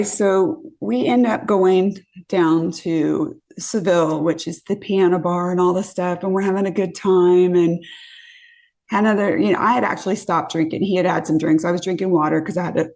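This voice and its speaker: A Californian woman guesting on a podcast tells a story in a loose, lively way, acting out what people said and cursing as she relives the moment. Her voice sits on the low side with a gravelly edge.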